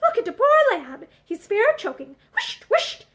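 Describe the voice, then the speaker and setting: A woman voicing a stout, scolding middle-aged housekeeper with a loud, bustling manner. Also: very high-pitched, sing-song, unhurried, voice pushed up, full character voice.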